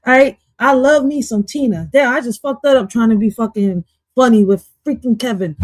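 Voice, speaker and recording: A woman hosting a casual livestream, reacting to clips in a loud, profane, animated way and dropping in Spanish exclamations. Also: a little high, moderate pace, no echo. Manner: loud, profane, animated, jumps between topics.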